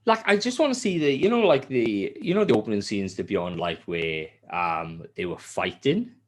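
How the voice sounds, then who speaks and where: A man's voice: fairly low pitch, expressive, moderate pace. A man co-hosting a casual gaming podcast, ranting animatedly and swearing a lot. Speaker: podcast co-host.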